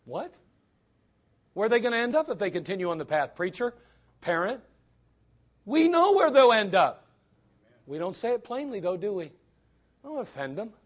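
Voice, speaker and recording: High-pitched guy preaching, swings his voice up and down a lot, blunt and pushy, keeps firing questions at the crowd. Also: big pitch swings, moderate pace, pauses often. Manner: blunt, emphatic, rhetorical questions. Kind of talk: sermon.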